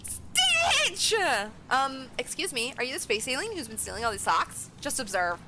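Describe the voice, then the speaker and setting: A woman's voice: a little high, big pitch swings, a little fast, sharp tone, a little hiss or hum. A woman game streamer chatting casually and reading game dialogue aloud. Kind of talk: casual gameplay commentary.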